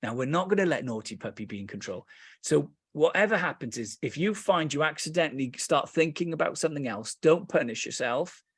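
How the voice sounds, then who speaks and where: Husky-voiced British man guiding meditation. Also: on the high side, dry recording, clean studio sound. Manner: lively storytelling, playful asides; slows and softens into calm guidance. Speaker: meditation teacher. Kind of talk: guided meditation teaching.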